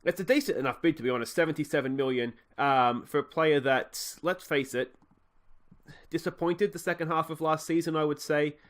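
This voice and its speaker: A young Australian man with a slightly raised pitch chats his way through a video game. He thinks aloud in loose, casual commentary, often stopping for fillers as he weighs his next move. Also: brisk. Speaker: Let's Play host.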